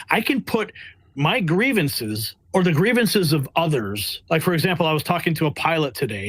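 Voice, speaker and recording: A man working as a press correspondent, telling stories in a blunt, animated way during a casual interview. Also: a little high, no room sound. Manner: blunt, animated, acts out quotes. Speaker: White House press correspondent.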